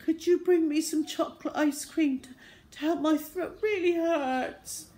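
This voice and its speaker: A woman voicing a sly schoolboy faking illness in a children's story, shrill and pleading. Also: a little slow, dark tone, a little hiss or hum. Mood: whiny.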